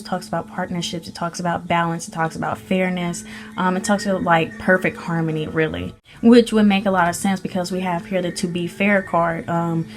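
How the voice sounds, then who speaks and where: A woman giving a casual tarot reading, gushing and chatty, with many ums and restarts. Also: on the low side. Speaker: spirit baby medium giving a tarot reading.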